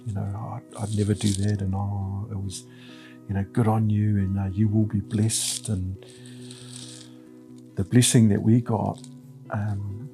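A man with a gravelly, creaky edge in his voice speaks softly and reflectively. His tone is warm and dark. He is a family caregiver talking about his faith and family in an unhurried way. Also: fairly low pitch. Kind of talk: reflective personal interview.

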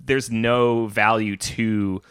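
A man with a low voice co-hosting a casual film podcast. He talks in an opinionated, wry way with plenty of fillers. His voice sounds dry and close to the mic. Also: flat delivery, slow, fairly bright tone, clean tone, no echo. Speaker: podcast co-host.

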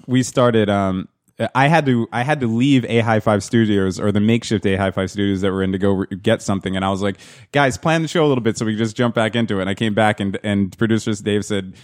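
A man's voice: lowish voice, quick pace. A man hosting a casual podcast, rambling and profane, with lots of fillers and laughter. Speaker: podcast host.

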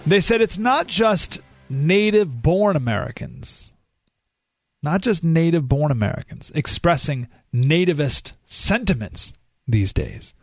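A male radio host speaking into a studio microphone, his voice sitting a little high. He rants emphatically and drops sarcastic asides. The sound is dry and close. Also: very animated, a little slow, no room sound, soft background music. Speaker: radio talk show host. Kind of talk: political talk radio monologue.

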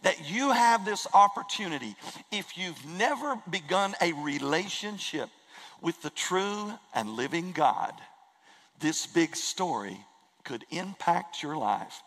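A man preaching in a church, with an earnest, emphatic delivery that leans on repeated phrases. His voice sits a little high for a man and trails off into a long hall reverb. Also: lively intonation, slow, a bit bright. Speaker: pastor. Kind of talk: sermon. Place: church sanctuary.

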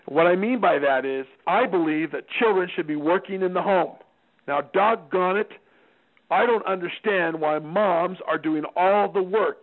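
A middle-aged man giving a folksy parenting talk, acting out bits of dialogue as he tells his stories. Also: fairly high pitch. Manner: acts out dialogue with changing voices. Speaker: parenting speaker. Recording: tinny phone-like radio recording.

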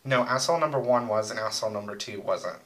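A man's voice: fairly low pitch, fast talker, low-quality recording. A young man chatting casually as co-host, rambling through crude, joking stories about old roommates. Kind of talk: casual chat.

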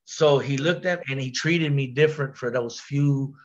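A man telling a story on a podcast in a casual, animated way, full of slang, repeats and restarts. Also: medium pitch, normal speed, muffled recording.

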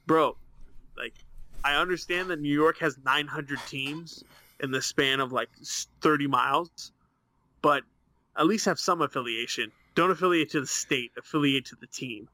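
A man's voice: fairly high pitch, moderate pace, bright, forceful tone. A young man co-hosting a casual sports podcast over a webcam, ranting with heavy swearing. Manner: profane, heated, ranting. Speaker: podcast co-host.

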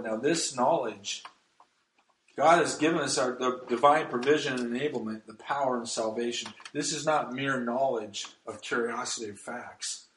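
A man's voice: medium pitch, roomy sound, a little hiss or hum, rough recording. A man preaching a sermon as pastor, emphatic and reading scripture aloud.

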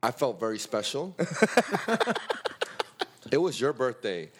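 A man telling a story in casual chat, animated and swearing freely, acting out his friends' voices with big leaps up in pitch. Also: takes it slowly, slightly rough.

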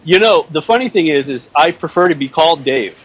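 Canadian male podcast guest, slightly high voice, dry, hesitant answers. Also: lively intonation, fairly quick, slightly rough, dry recording, low-quality recording. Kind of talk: casual interview answers.

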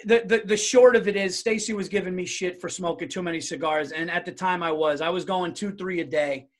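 A man's voice: high voice, a little fast. Laughing, self-mocking male podcast host. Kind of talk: casual podcast chat.

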